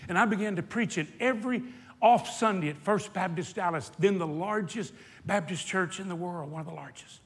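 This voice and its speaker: A man preaching a sermon, telling stories with passion and slowing down for emphasis. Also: high-pitched. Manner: impassioned storytelling, slowing for emphasis. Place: hot indoor meeting hall.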